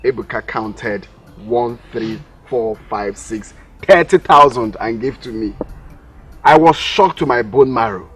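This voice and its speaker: An actor with a Nigerian accent playing an excited, grateful young man who gushes about a friend's gift. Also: medium pitch, measured pace, breathy edge. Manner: gushing, animated.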